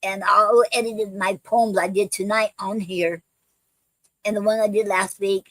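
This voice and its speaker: A woman's voice: mid-range voice, fairly even intonation, moderate pace, no echo, poor audio. A woman hosting a poetry livestream, chatting casually with many ums and restarts and calling her viewers family. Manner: affectionate toward viewers, calls them fam.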